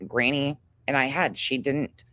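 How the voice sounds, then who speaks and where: A woman's voice: extremely low pitch, steady tone, measured pace, a bit bright, no echo, clean studio sound. A woman hosting a livestream, ranting angrily and with heavy profanity, calling out another creator and reading chat names aloud. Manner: angry, profane, confrontational. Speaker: livestream host. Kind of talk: heated livestream rant.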